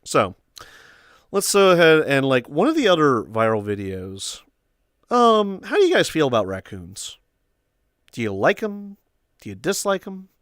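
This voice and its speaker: A young man hosting a casual chat with friends, telling stories with animated quoting and loud shrieked impressions. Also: mid-range voice, smooth, dry recording, clean studio sound. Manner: animated storytelling, acts out quotes in squeals and shrieks. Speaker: host.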